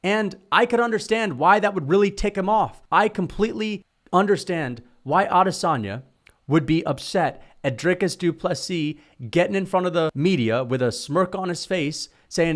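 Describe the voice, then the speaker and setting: A young man rants through an opinionated solo commentary, dropping bro and dude and swearing freely. His voice sits a little high for a man, and his delivery stays heated and blunt. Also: moderate pace. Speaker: MMA commentary youtuber.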